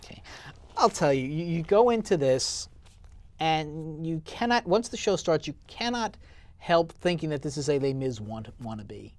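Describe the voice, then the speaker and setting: A male theatre critic trades wry, bantering remarks in relaxed review chat. His voice sits a touch high and sounds close and dry. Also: moderate pace, no room sound.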